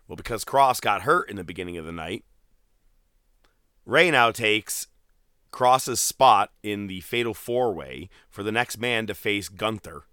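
A man's voice: on the low side, unhurried, clear, resonant tone, no room sound, studio quality. A man, casually recapping wrestling on a podcast and animatedly acting out what people said, swearing freely. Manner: animated storytelling, swears freely, acts out quotes. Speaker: podcast co-host.

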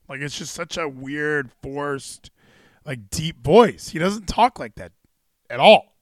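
A man hosting a casual wrestling chat stream, excitable and rambling. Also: on the high side, slow, dry recording, studio quality. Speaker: stream host.

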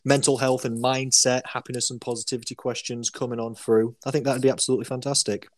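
A man's voice: mid-range voice, level tone, quick pace, dry recording. A man with a South Yorkshire accent hosting a casual conversation, upbeat and chatty. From Rotherham, South Yorkshire. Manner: upbeat, chatty, tag questions. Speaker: podcast host.

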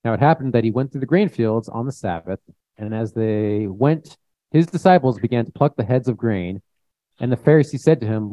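A man's voice: medium pitch, lively intonation, brisk, dry recording. A young man giving a plain-spoken, conversational sermon, reading scripture and acting out quotes. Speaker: preacher. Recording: dull, muffled recording.

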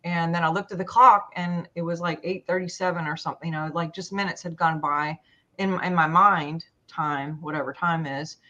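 A woman with a slightly low voice tells her own story in a group talk. She hesitates a lot and restarts her sentences, and the sound is dull and lo-fi. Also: steady tone, a bit bright. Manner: halting, full of fillers and restarts. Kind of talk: personal story in a discussion.

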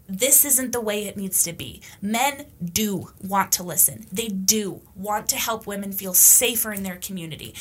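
A woman's voice: medium pitch, fairly bright tone, breathy edge. A woman hosting a podcast, talking in a casual, opinionated monologue, emphatic and blunt, with the odd swear word. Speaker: podcast host.

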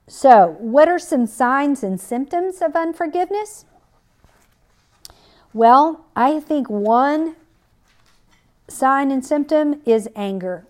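A woman's voice: on the high side, darkish tone. Earnest woman giving a devotional talk. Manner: earnest and personal, with many fillers and restarts. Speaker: podcast Bible teacher. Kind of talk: conversational devotional teaching.

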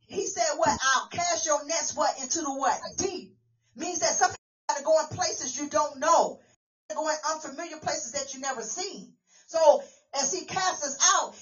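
Woman preacher, very high voice, dull lo-fi sound, call-and-response, animated storytelling. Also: recorded from a distance. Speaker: apostle preaching. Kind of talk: informal sermon.

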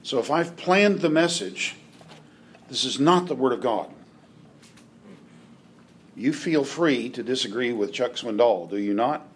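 A man teaching a Bible class in a halting way, with restarts and dry joking asides. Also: mid-range voice, lively intonation, husky.

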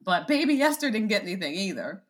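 A podcast co-host chats casually, telling stories wryly and laughing as she talks. Her voice is medium-pitched and fast, with big swings in pitch.

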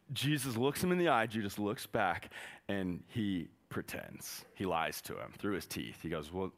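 A man's voice: lowish voice, a bit bright. A young man preaching a casual sermon, conversational and joking, acting out quotes in the story. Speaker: youth pastor.

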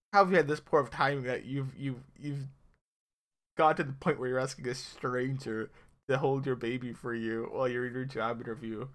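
A man co-hosting a casual podcast, animated and joking, thinking aloud with lots of asides. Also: mid-range voice. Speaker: podcast co-host.

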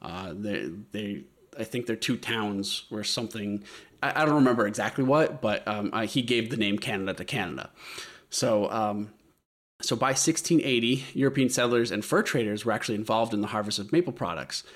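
A man's voice: lowish voice, moderate pace, fairly bright tone. A man presenting a history topic in a casual podcast chat, explaining with many hesitant fillers.

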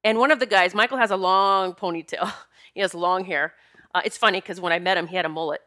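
Bright-voiced woman vlogging emphatically. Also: fairly low pitch, steady tone, fast. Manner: emphatic and conversational, repeats herself for stress. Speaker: vlogger addressing viewers. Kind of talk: casual monologue to camera.

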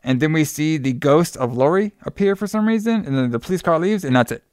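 Guy rambling through a movie recap, smooth clear voice, dry sound. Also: a little high, expressive, fairly quick, darkish tone, no echo. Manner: loose and rambling, with many fillers and playful asides. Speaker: podcast host recapping a film. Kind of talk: casual movie recap chat.

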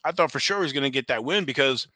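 A man's voice: mid-range voice, lively intonation, rapid-fire, bright, forceful tone, dry recording. A man co-hosting a podcast, talking casually and rambling a little, correcting himself as he goes and laughing easily. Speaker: podcast co-host. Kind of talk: casual chat about racing and trading cards.

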